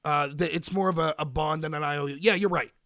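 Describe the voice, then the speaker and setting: A man's voice: on the high side, steady tone, fast talker, a bit bright. An American man hosting a political commentary show, ranting emphatically and answering his chat. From United States. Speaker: podcast host.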